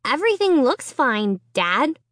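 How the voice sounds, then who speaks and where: Squealy scared little girl in a spooky kids book, woman doing the voice, pitch way up. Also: sing-song, unhurried, fairly bright tone, no echo, clean studio sound, heavily acted. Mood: reassured. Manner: shrill, squealing in disgust. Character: frightened young girl, first-person heroine.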